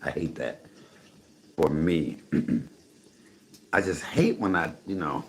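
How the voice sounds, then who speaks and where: A man in his fifties chatting casually to the camera from his home while cooking, animated and repeating catchphrases. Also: very deep voice, takes it slowly. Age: 50s. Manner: animated, repeats "come on, somebody". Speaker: vlogger. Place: home apartment, indoors, cooking. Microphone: camera mic.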